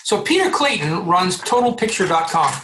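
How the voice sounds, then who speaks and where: A man from Canada, a recruiter guest on a podcast, telling animated stories with acted-out dialogue and frequent restarts. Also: sits high, moderate pace, slight background noise. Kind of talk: storytelling interview answers.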